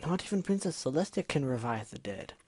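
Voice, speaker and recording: A man's voice: a little high, animated, a little fast, warm tone, slightly rough, dry recording. A man voicing an earnest, bookish young female unicorn who speaks urgently and with worry.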